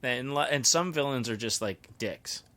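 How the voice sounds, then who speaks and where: A man's voice: mid-range voice, lively intonation, normal speed, sharp tone. A man co-hosting a casual podcast chat, blunt and swearing freely. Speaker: podcast co-host. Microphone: podcast mic.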